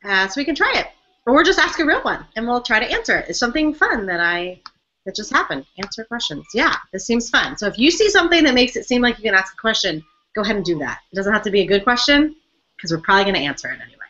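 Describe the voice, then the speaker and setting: Bright, lively young woman on a lo-fi stream. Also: fairly high pitch, fast, a little hiss or hum. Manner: chatty, giggly, easily distracted. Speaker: co-host of a fan chat show. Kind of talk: casual live-stream chat. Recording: dull lo-fi webcam audio.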